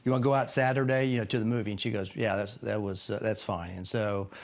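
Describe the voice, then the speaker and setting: A man in his sixties, a podcast guest, tells a rambling personal story in a casual interview and acts out quoted lines in a sudden higher voice. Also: steady tone, fast. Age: 60s.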